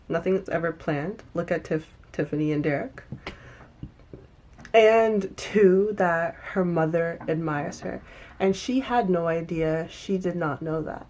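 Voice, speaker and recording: A woman with a low-pitched voice talks through a TV episode in a loose, chatty way. She is animated and emphatic, jumping into quick asides and restarting her sentences as she goes. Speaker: TV recap reviewer. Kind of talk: casual chatty episode review.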